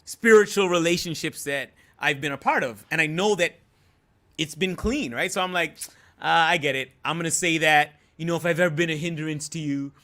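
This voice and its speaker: A young man telling a personal story as a podcast guest in a relaxed, easygoing way, full of fillers. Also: on the high side, fairly quick. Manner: relaxed, many fillers like "you know" and "um". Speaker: guest, host's husband. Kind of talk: casual storytelling.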